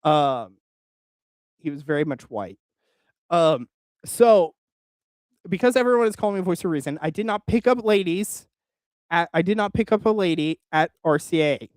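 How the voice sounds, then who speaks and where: A man's voice: a little high, expressive, normal speed, pauses often, dry recording. A man hosting his channel in casual chat, rambling and joking with frequent laughs. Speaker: channel host.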